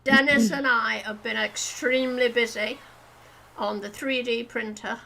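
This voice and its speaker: A woman co-hosts a casual game livestream, chatting and thinking aloud to the viewers. Her voice is bright and a touch tense, pitched fairly high. A faint ambient hiss sits behind her. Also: fairly even intonation, measured pace, vocal fry, rough recording. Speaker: livestream co-host.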